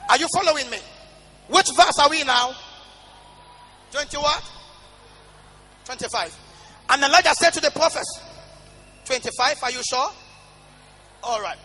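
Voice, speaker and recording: A male pastor preaching a sermon, reading scripture in a sing-song chant and breaking into shouted declarations. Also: very high-pitched, unhurried, pauses often, a little hiss or hum. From Nigeria. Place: large church hall. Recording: reverberant church hall with music behind.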